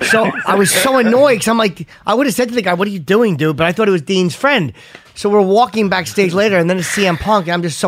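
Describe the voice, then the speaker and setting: A man's voice: high voice, background noise. A man co-hosting a podcast, telling a story in a wry, self-deprecating way. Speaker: podcast co-host, comedian. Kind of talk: casual chat, storytelling.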